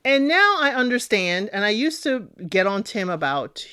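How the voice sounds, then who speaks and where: A woman's voice: medium pitch, normal speed, smooth. A woman hosting a podcast, giving a casual, opinionated TV recap and acting out what people said. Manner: expressive, acts out other people's lines. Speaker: podcast host.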